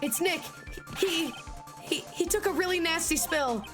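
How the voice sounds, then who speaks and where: A goofy, excitable young man in a game who shouts his lines in a high voice. Game music plays clearly behind. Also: measured pace, far from the mic. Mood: frantic.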